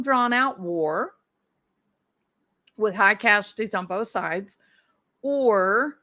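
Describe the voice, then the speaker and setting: A woman's voice: mid-range voice, bright, forceful tone. A woman hosting a casual livestream, chatting and answering viewer comments, thinking aloud with restarts and small laughs. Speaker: livestream host.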